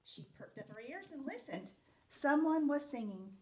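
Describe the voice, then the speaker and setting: A woman teacher reading a picture book aloud to children, in an expressive, sing-song storytelling manner. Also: sits high, normal speed.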